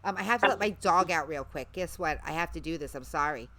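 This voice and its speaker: A woman hosting a casual livestream chat, talking warmly and a little scattered as she reads out viewer comments. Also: low voice, fast talker. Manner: chatty, reads viewer comments aloud, breaks off to call her dog. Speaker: livestream host.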